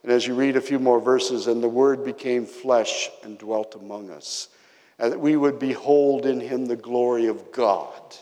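Preacher in a reverberant hall. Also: male voice, mid-range voice. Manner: storytelling, emphatic pauses, quiet drops. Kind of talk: sermon.

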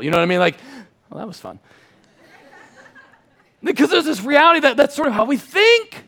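A middle-aged man preaching a sermon in a church in a lively, conversational way, moving between loud and hushed passages. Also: very high-pitched, moderate pace, gravelly, pauses often, some chatter behind. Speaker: pastor.

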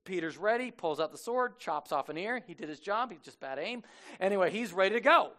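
A man's voice: high voice, lively intonation, fairly quick, a bit bright. A man preaching a sermon in a casual, joking storytelling way, acting out the characters as he goes. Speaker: pastor.

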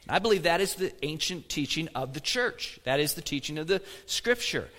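A man's voice: on the high side, fairly quick, hardly any pauses, fairly bright tone, in a large hall. A man preaching a sermon as pastor, in a conversational manner, asking the congregation questions. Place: church sanctuary.

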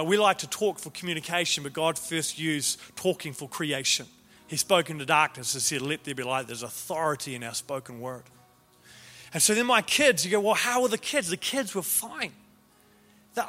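Bright, high-voiced man preaching in a hall. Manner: animated, repeats words at the start of phrases. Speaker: pastor. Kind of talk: sermon storytelling. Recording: reverberant hall with faint music.

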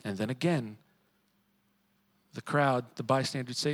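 Guy preaching a sermon, chatty, medium voice, gets loud and fired up at times. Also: mid-range voice, measured pace, poor audio. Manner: conversational preaching, swings from quiet to emphatic. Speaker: pastor.

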